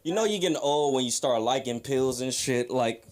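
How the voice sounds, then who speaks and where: A drunk man with a medium-pitched, animated voice rambles through a crude open mic stand-up set on a comedy club stage, speaking at a normal speed. This comic spends his time roasting the crowd.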